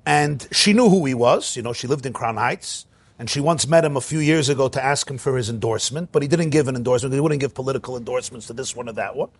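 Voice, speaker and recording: A man giving a storytelling lecture, recounting events with animated emphasis and acting out quoted dialogue. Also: mid-range voice, quick pace, slightly rough, no room sound.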